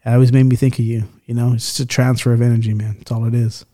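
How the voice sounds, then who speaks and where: A man's voice: medium pitch, little pitch movement, racing, warm tone. A man hosting a podcast in casual chat, loose and swearing often as he tells stories and acts out the people in them. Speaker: podcast host.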